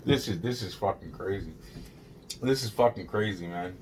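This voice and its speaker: A man's voice: sits low, a little hiss or hum. A man casually retelling a true story in the first person. He rambles, restarts sentences, swears constantly and sounds shaken and unable to believe it himself. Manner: rambling and halting, many restarts and repeated words; shaken disbelief at his own story.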